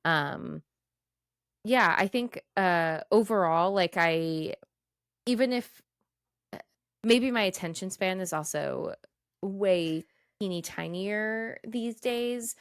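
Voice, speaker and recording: Giggly woman with a smooth voice. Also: medium pitch, slow pace, pauses often, no room sound, clean studio sound. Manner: rambling and giggly, many fillers. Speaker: podcast co-host. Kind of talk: casual chat.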